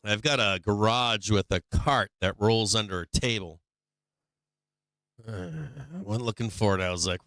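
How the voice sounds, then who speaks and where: A man's voice: on the low side, steady tone, normal speed, fairly bright tone, no echo. A middle-aged man hosting a stock market livestream, rambling casually with lots of swearing and "like" fillers. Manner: rambling and profane, heavy on "like" fillers.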